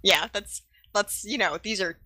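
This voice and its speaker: A woman co-hosts a podcast, tossing in dry, sarcastic remarks about a cartoon episode. Her voice is bright and forward at a middle pitch. The close mic leaves the sound dry, with no room around it. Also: unhurried, dry recording. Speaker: podcast co-host. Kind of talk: casual podcast chat recapping a cartoon.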